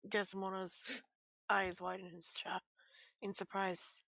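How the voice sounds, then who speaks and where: Unhurried woman playing a tabletop game. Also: medium pitch, steady tone, a bit bright, no echo, low-quality recording. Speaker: player.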